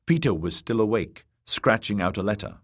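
Deep-voiced expressive male narrator. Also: moderate pace. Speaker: audiobook narrator. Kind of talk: scripted fantasy narration.

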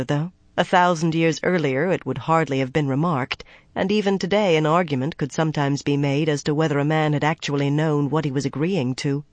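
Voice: medium pitch, no echo. Dry-sounding audiobook narrator. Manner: measured, even storytelling. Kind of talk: scripted narration.

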